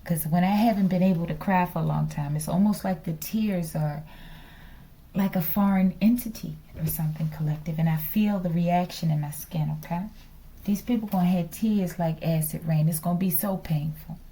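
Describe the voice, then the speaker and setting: A woman reads tarot cards in a loose, chatty manner, teasing and checking in with a repeated "okay?". Her voice has a gravelly, fry-laden edge and a dark, mellow tone. Now and then she slips into a whisper. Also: fairly low pitch, moderate pace, rough recording. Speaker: tarot reader. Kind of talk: casual spiritual tarot reading.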